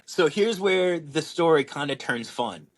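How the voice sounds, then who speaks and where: Young dude on a podcast, storytelling all animated, lots of likes and ums. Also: male voice, fairly high pitch, unhurried. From Washington state, USA. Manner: animated storyteller, acts out quotes, lots of fillers. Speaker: podcast co-host and pro disc golfer. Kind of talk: casual storytelling chat.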